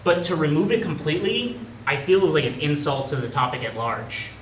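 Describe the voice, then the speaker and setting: A man's voice: on the high side, sing-song, brisk, recorded from a distance. Young man doing stand-up in an echoey club. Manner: casual, rambling, self-mocking delivery. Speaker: stand-up comedian. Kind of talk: stand-up comedy set. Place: comedy club stage. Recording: echoey club room from afar, audience noise. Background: audience laughter.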